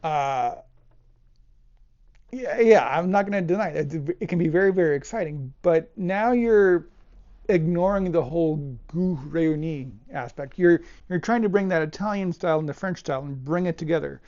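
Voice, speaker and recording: A man's voice: a little high, normal speed. A man giving a casual cello lesson, talking in a thoughtful, hesitant way with fillers and restarts. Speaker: cello teacher. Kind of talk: casual music lesson talk. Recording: dull lo-fi audio with loud cello playing. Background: loud cello music.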